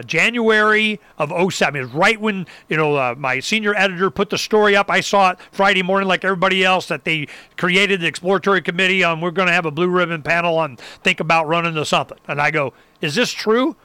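A man's voice: sits high, brisk, clean tone, no room sound. A man telling stories in casual political talk, acting out other people's lines and whooping now and then. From Arizona. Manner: animated storyteller, acts out others and whoops.

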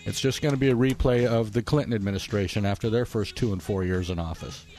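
Radio co-host guy, lowish voice, bit hesitant with the ums. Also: fast talker, a little mellow, faint music behind. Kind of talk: talk radio discussion.

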